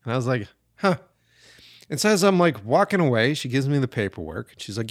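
Male, 40s, podcast host. Lively storyteller with an expressive voice, dry room. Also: mid-range voice, a little fast, no echo. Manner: animated, profane, acts out quoted people. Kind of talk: casual storytelling.

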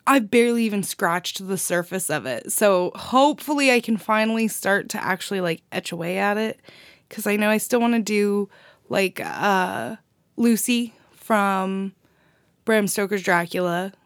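A woman's voice: medium pitch, measured pace, clean tone, dry recording. Woman podcast co-host, casual and enthusiastic, dry close-miked sound. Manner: rambling, enthusiastic, laughs often. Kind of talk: casual chat.

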